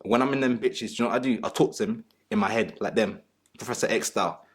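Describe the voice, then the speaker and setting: A man's voice: fairly low pitch, quick pace, breathy edge. A man, a panelist talking in a crude, joking, slangy way about relationships. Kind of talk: casual panel talk.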